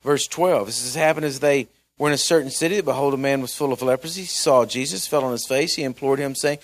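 A man preaching a chatty Bible-study sermon, swinging between loud and hushed. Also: mid-range voice, brisk, few pauses, dry recording.

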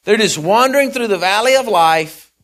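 Animated folksy preacher man. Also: high voice, moderate pace. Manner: folksy storytelling, acts out the characters; swings from loud to soft, repeats phrases. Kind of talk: sermon.

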